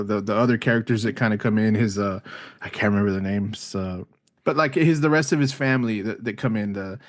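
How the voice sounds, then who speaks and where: A man's voice: mid-range voice, no room sound. Hesitant podcast man, dry sound. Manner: hesitant, many restarts and fillers. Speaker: podcast co-host. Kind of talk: casual podcast chat.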